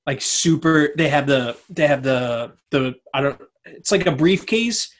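A man's voice: a little high, measured pace. A young man chatting casually, rambling and searching for the right words. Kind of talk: casual chat.

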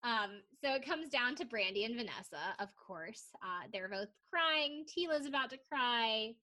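A young woman co-hosting a laid-back podcast, her voice a bit higher than most. She recaps the drama in a lively storytelling way, swearing freely and acting out quotes. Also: moderate pace. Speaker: podcast co-host. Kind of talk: casual chat recapping reality TV.

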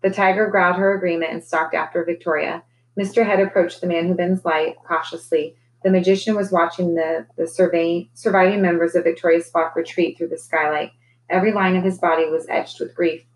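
A woman, a teacher, reading a children's novel aloud with expressive, dramatic storytelling. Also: lowish voice, a little fast, low-quality recording. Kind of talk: read-aloud storybook narration.

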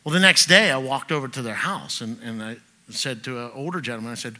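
A middle-aged man, a pastor, delivering a sermon and telling personal stories, swinging from loud bursts to quiet asides. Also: mid-range voice, fairly quick, few pauses.

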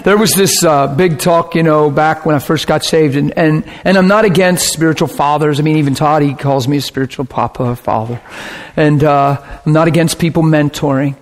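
A man preaching a sermon in an earnest way, building to excited, emphatic peaks. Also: on the high side, normal speed, in a large hall. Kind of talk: sermon teaching.

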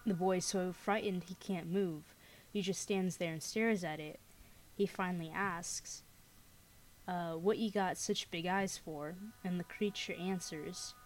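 A young woman co-hosting a podcast, reading a scary story aloud in a laid-back, unhurried way, and chatting casually. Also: on the low side, steady tone, a little hiss or hum, rough recording. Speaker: podcast co-host.

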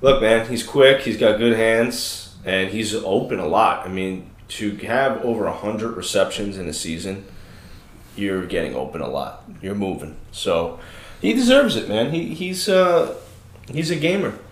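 A man's voice: fairly low pitch, a little slow. Guy in his 30s spinning stories on a podcast, swears a lot, echoey room. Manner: animated storyteller, swears freely. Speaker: podcast co-host. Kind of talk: casual chat, storytelling.

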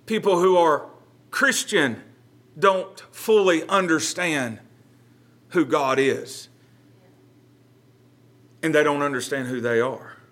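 A man's voice: a little high, slow, long pauses, a bit bright. A man, a pastor leading a Bible study, speaking earnestly and conversationally, often repeating words as he gathers his thoughts.

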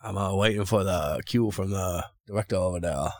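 A man's voice: deep voice, a little fast. A man co-hosting a podcast in casual chat, laid-back and swearing freely. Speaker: podcast co-host.

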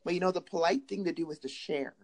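A woman's voice: fairly low pitch, fast, darkish tone. A woman chatting playfully with her sister on a podcast call, laughing along. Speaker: podcast co-host. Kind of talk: casual chat. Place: Las Vegas.

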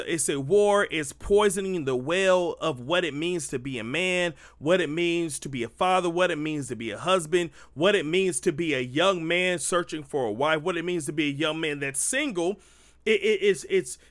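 High-voiced man preaching in a dry room. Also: fairly bright tone, dry recording. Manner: emphatic, rhetorical questions, restarts. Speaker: Christian commentator. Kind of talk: preachy commentary.

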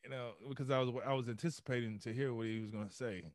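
A man's voice: medium pitch, steady tone, fast. A man telling a personal story as a podcast guest, acting out his own inner voice and swearing often.

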